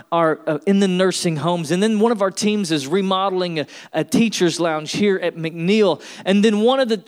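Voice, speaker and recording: A man preaching a sermon as pastor, emphatic and building to repeated refrains. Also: sits high.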